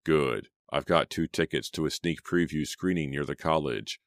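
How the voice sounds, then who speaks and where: A smooth, secretive young man, calm and measured, from a storybook reading, given by a man in his own very deep voice. The delivery stays low and even. The recording is dry and close. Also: dry recording. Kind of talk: audiobook character reading.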